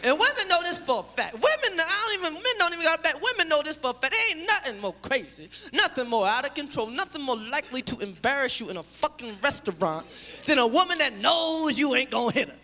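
A man doing a stand-up comedy routine, loud and profane, shouting his punchlines. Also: extremely high pitch, big pitch swings, quick pace. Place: live comedy venue with audience. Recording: loud crowd and noisy live recording. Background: crowd laughing.

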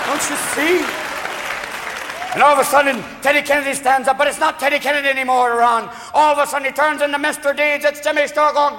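A male stand-up comedian doing an animated, rapid-fire routine in a live venue, slipping in and out of voices. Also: extremely high pitch, slight background noise. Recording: live club mic, echoing hall, crowd.

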